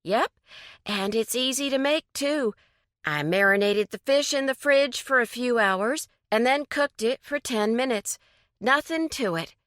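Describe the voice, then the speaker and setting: A bright, teasing woman who runs her friends' dinner table and loves showing off her cooking. Her voice lifts high and playful as a woman reads her part. The sound is dry and close. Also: unhurried, no echo. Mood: cheerful. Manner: lively, sing-song and coaxing. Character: bubbly confident woman cook, teasing hostess.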